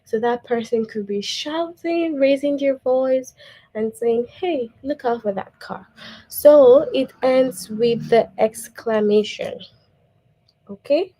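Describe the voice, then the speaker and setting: Slow, patient woman teaching young kids. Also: fairly high pitch, dark tone, rough recording. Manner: patient, repeats "okay?" often, reads example sentences aloud. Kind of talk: online grammar lesson for young children.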